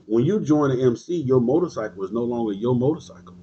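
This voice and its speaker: A husky, mellow-toned man, preaching hard to his viewers as a motorcycle club leader. He repeats his points, drops street slang and fires back at live comments. The sound is dull and lo-fi, like cheap stream audio. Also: medium pitch, animated, quick pace. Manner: emphatic, repetitive, preachy. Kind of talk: livestream monologue answering viewers.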